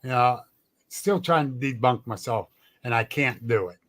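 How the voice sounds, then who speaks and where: A man's voice: medium pitch, normal speed, fairly bright tone, a little hiss or hum. Blunt, salty man telling stories. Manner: blunt and salty, laughs often. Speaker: guest, cryptid researcher. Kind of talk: casual storytelling chat.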